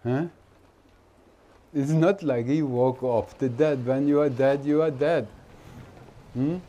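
Slow, mellow Indian-accented man. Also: medium pitch, slight background noise. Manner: chatty, teasing, laughs often, nonnative grammar. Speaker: spiritual teacher. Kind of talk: informal spiritual talk to a gathering.

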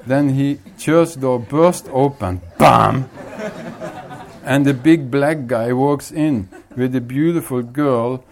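A man who is a spiritual teacher, chuckling as he tells a joke in casual talk. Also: mid-range voice. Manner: unhurried, chuckling often.

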